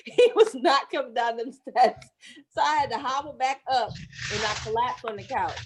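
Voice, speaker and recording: A woman's voice: on the high side, normal speed, noisy background. A woman in her thirties telling a birth story with lots of laughter and swearing, acting out every voice in the story. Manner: lively, laughing, cussing, acts out voices. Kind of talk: animated storytelling with acted-out quotes.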